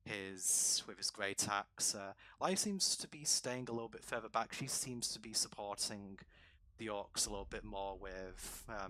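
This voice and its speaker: A man narrating as dungeon master for a tabletop game, in a relaxed, rambling way with many fillers. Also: fairly low pitch, dry recording.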